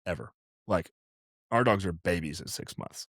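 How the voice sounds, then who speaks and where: A man's voice: deep voice, moderate pace, fairly bright tone, husky, no room sound, clean studio sound. A man who trains retrievers and runs a kennel, talking in a casual podcast chat that rambles with fillers and restarts.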